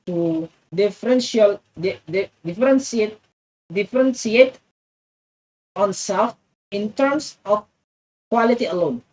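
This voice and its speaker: Reading an English text aloud for practice, a woman with an Indonesian accent stumbles over words and keeps restarting, so her delivery is halting. Her voice is medium-pitched and a little mellow. She sits far from the mic, and the recording quality is low.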